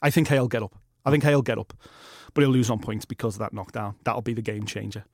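A man's voice: on the low side, fast, darkish tone, no echo, clean studio sound. A man, a boxing journalist co-hosting a podcast, talking emphatically and swearing freely. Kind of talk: casual podcast chat.

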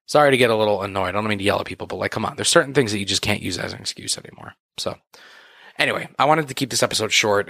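A low-pitched man with a gravelly edge rants through his podcast, swearing freely and tripping over fillers as he vents. His tone stays bright and forceful, recorded dry and close. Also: dry recording. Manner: profane, exasperated, filler-heavy. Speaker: podcast host. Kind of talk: casual ranting monologue.

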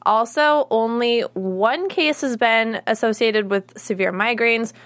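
A woman's voice: a little high, unhurried, fairly bright tone. A woman in a casual chat about a TV show, eager and blunt.

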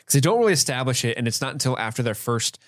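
A man's voice: mid-range voice, big pitch swings, racing, no echo, clean studio sound. A man co-hosting a podcast, casually recapping comedy scenes and laughing along. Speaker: podcast co-host. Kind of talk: casual film review chat.

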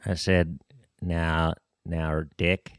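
A man voicing a George H. W. Bush impression in an improv comedy podcast, slow and mock-sultry. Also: low-pitched, flat delivery, clean tone, dry recording, studio quality, exaggerated voice.

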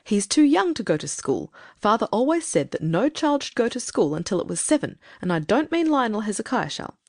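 A woman's voice: mid-range voice, very animated, a little fast, no echo, clean studio sound, voice pushed up. Strict, irritable woman read by a female narrator for an audiobook; firm, scolding delivery that rises and falls a lot. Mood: grudging. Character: stern, irritable grown woman who sets strict rules. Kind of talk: audiobook character reading.

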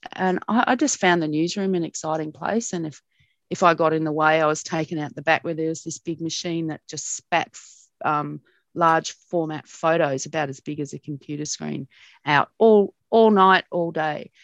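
A middle-aged Australian woman, a broadcast journalist, telling stories about her past in an animated way with frequent laughs. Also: low-pitched, normal speed, dry recording. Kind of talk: reminiscing in an interview.

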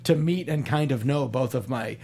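A man in his fifties, a stand-up comedian, chatting as an interview guest in a halting way with many restarts. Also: mid-range voice, dark tone. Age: 50s. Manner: halting, full of restarts and fillers. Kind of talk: casual interview chat.

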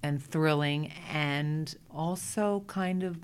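A woman from Brooklyn with a Brooklyn accent, a Broadway performer telling lively stories as an interview guest. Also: low voice, slow pace, clean tone. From Brooklyn, New York. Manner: lively anecdotal storyteller, frequent restarts. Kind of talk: storytelling interview chat.

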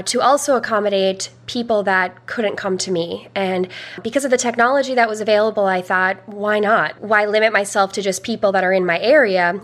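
A woman's voice: medium pitch, fairly bright tone. A young woman, a vocal coach, talking earnestly in a podcast interview, with some fillers.

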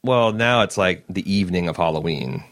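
A man's voice: lively intonation, moderate pace, no room sound, clean studio sound. A man co-hosting a casual chat, joking and acting out quoted lines. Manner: jokey, acts out quoted lines with bursts of high pitch. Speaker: podcast co-host recapping a TV episode.

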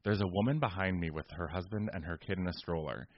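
Lowish guy ranting about people, exasperated, dry kinda muffled mic. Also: fast, dry recording. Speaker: podcast co-host. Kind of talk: casual storytelling chat.

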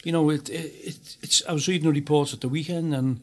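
A man's voice: a little high, fairly even intonation, quick pace. A man hosting a casual football chat, rambling with many fillers and restarts. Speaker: host.

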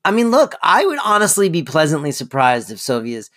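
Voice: medium pitch, very animated, a little fast, fairly bright tone. A podcast co-host chatting casually, making wry, joking asides.

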